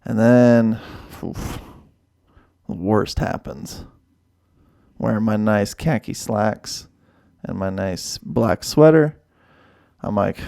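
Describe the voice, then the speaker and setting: Gravelly sheepish man in his thirties. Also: fairly low pitch, slow, long pauses, warm tone, no echo, studio quality. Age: 30s. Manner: sheepish, laughs through the story, swears. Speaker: podcast co-host. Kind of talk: casual storytelling chat.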